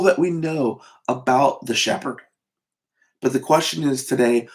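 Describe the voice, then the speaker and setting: A man giving a short devotional sermon as pastor, talking in a loose conversational way with frequent fillers and restarts, and slowing down to stress scripture. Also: mid-range voice, a little mellow. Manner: conversational, with many fillers and repeated words.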